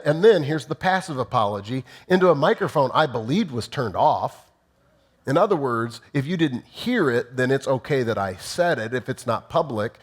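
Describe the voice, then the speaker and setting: A male pastor delivering a conversational sermon, emphatic and full of rhetorical questions. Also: medium pitch.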